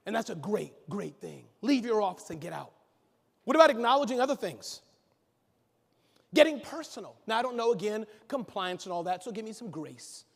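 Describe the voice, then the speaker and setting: A man giving an energetic conference keynote, joking and bantering with the audience from the stage. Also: high-pitched, normal speed, gravelly. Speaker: keynote speaker. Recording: echoey hall reverb.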